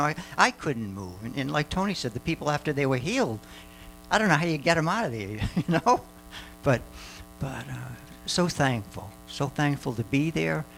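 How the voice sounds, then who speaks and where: Rambling older man giving a lively testimony. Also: mid-range voice, gravelly, slight background noise, low-quality recording. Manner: rambling, many fillers and restarts. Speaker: mission trip speaker. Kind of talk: testimony to a church audience.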